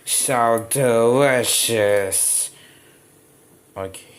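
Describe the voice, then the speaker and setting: A man voicing several toy characters in a homemade play video, talking in a slow, halting way. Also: medium pitch, slight background noise. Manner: slow, halting, shifts between character voices.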